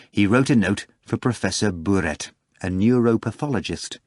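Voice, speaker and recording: A man reads a novel aloud in a measured, steady storytelling voice that sits on the low side. The recording is close and completely dry, with no room sound. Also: dry recording. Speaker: audiobook narrator. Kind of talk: scripted audiobook narration.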